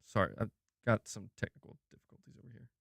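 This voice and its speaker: Casual gaming-stream host, male, animated and a little profane, clean dry sound. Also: on the low side, fast talker, vocal fry, no echo. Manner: swearing, animated, thinks aloud with restarts. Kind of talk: casual live-stream commentary.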